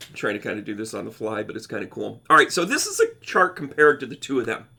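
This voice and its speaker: A man's voice: fairly low pitch, big pitch swings, fast talker, creaky, pushed and bright, husky. A man hosting his own astrology channel, explaining charts in a casual, rambling way, often correcting himself and speaking straight to his viewers. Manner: rambling, self-correcting, chatty, addresses viewers directly.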